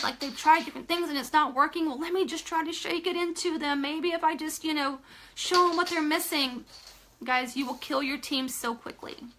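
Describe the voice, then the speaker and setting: A woman's voice: high voice, sharp tone. A woman giving a live motivational talk to team leaders, emphatic and direct, repeating phrases for stress and asking viewers to comment. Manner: addresses listeners directly, asks for comments.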